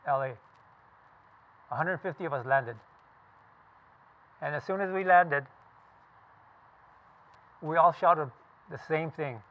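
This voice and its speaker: Older man, 70s, from California, veteran, blunt, profane, emphatic, slightly high voice, talking to a class. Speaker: veteran telling his story. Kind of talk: casual spoken recollection to a group. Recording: tinny phone-like sound.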